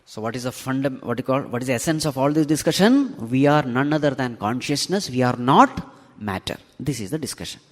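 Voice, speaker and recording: A man's voice: mid-range voice, lively intonation, a little fast. A man giving a spiritual discourse, asking the audience rhetorical questions and repeating key phrases for emphasis. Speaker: swami teaching scripture. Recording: long hall reverb.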